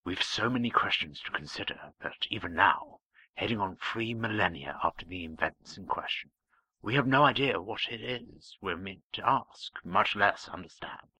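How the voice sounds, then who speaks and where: A man voicing a calm, wise older preacher, speaking gently and measured, in a story reading. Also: on the low side, breathy edge, no room sound, full character voice, poor audio. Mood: gentle.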